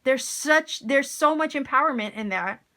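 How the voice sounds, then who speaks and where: A woman's voice: high-pitched, expressive, normal speed, bright, forceful tone. A woman giving a casual tarot reading to her viewers, enthusiastic and encouraging, with plenty of slang. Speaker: tarot reader.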